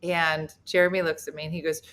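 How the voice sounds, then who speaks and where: A woman's voice: deep voice, level tone, brisk, fairly bright tone. A middle-aged woman comedian and host, telling a self-mocking story in casual group chat and laughing as she goes. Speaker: comedian and talk show host.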